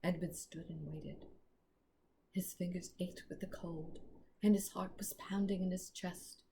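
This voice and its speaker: A woman reads a children's book aloud at a slow, measured pace, in a lowish voice. A faint hum of ambient noise sits behind her. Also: fairly even intonation, creaky, warm tone. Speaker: storyteller.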